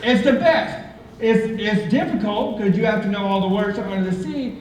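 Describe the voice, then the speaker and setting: A man's voice: high-pitched, normal speed, background noise. A man performing a live stand-up routine on a theatre stage, telling chatty, self-mocking stories. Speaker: stand-up comedian. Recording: echoey theatre from far off.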